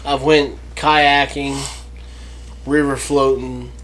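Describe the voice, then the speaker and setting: A man's voice: medium pitch, little pitch movement, takes it slowly, fairly bright tone, slight background noise, low-quality recording. A man telling rambling stories on a casual podcast, laughing and swearing as he goes. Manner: rambling storyteller, swears, laughs at own jokes. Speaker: co-host.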